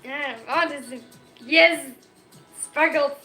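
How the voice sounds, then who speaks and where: Excitable young woman in her 20s, from Germany, high bright voice, giggly rambling chat, faint music behind. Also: slow pace. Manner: excitable, giggly, rambling with self-mocking jokes. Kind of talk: casual chat. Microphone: phone.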